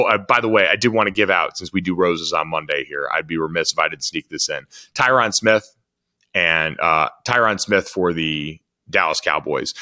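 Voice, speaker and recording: Low bright-toned male podcast host. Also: no room sound, clean studio sound. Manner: conversational, fluent with filler words. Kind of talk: sports podcast talk.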